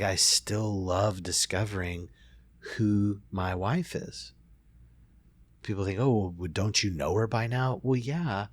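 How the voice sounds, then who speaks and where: A middle-aged man, a therapist, telling a family story in a relaxed conversation, reflective and full of restarts. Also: deep voice, no room sound. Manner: reflective, many restarts and fillers. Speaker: therapist and podcast host.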